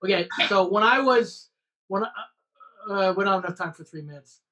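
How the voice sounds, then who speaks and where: A woman co-hosting a podcast, telling an animated story in casual chat with lots of swearing. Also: mid-range voice, a little fast.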